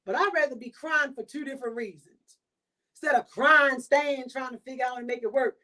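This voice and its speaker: A woman's voice: sits high, a little fast, sharp tone. Emphatic woman podcast host, preaching. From Baltimore. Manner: preachy, emphatic, repeats points. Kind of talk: motivational monologue.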